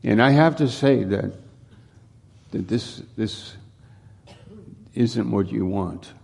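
A male pastor preaching a sermon, unhurried and often repeating or restarting his words. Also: fairly low pitch, gravelly, darkish tone, slightly rough.

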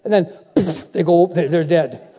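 A man in his seventies preaches with a high-pitched, mellow voice. He drives his points home with repeated phrases and keeps checking in with the congregation. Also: normal speed, some chatter behind. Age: 70s. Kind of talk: sermon.

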